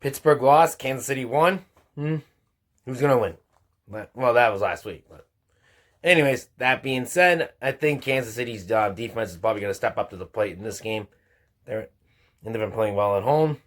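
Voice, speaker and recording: A man with a bright, sharp-edged voice runs through his weekly football picks. His delivery is informal and halting. He sounds like a regular host of his own show. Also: medium pitch, expressive. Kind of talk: casual football picks commentary.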